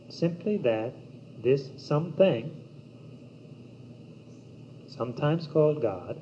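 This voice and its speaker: Man, yoga teacher, slow meditative phrasing, mellow tone; dull old cassette recording. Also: mid-range voice. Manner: slow, measured, meditative delivery with long pauses. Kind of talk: spiritual teaching talk. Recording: dull old cassette tape with faint hiss.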